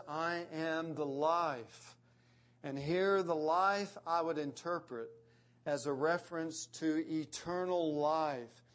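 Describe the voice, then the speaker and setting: A man preaching a sermon, explaining scripture verse by verse with slow, emphatic delivery. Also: a little high. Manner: slow, emphatic expository preaching with swells in volume.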